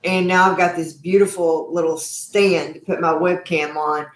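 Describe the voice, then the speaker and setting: A woman's voice: on the low side, fairly even intonation, moderate pace, echoey room. Chatty woman hosting a live cooking show. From Texas. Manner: chatty and effusive, addressing viewers as y'all. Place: home kitchen.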